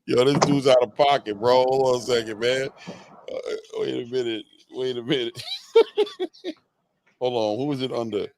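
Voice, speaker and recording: A man hosting a casual boxing chat, excitable and slangy, laughing often. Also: medium pitch, unhurried, pauses often, a little hiss or hum. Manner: excitable, laughing, slangy, says "bro" a lot. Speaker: boxing podcast host.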